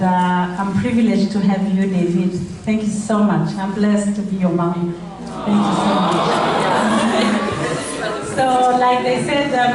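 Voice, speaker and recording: French-accented woman speaking slowly in a hall. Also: medium pitch. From Rwanda. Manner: halting, with many fillers. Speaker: charity founder. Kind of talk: speech at a gala. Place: event hall. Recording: roomy hall audio from far off.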